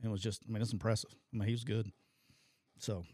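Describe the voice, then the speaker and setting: Here the ex-football coach's voice sits lowish and moves fast as he chats casually about sports. This middle-aged man laughs a lot and mimics what people said in a raised voice. No room sound; studio quality.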